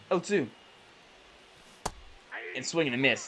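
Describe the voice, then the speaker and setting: A man casually calling the plays of a baseball video game he is playing, chatty and self-correcting, with bursts of excitement on big plays. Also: medium pitch, a little slow, long pauses, soft background music, low-quality recording. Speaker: gaming YouTuber. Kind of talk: casual play-by-play while gaming.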